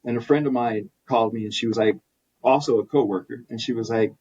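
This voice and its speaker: A husky-voiced man speaks earnestly, circling back and restarting as he tells his story. He sits back from the microphone, and the recording sounds dull and lo-fi. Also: mid-range voice, fast talker, darkish tone. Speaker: podcast guest. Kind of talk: candid personal storytelling. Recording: distant mic, dull lo-fi sound.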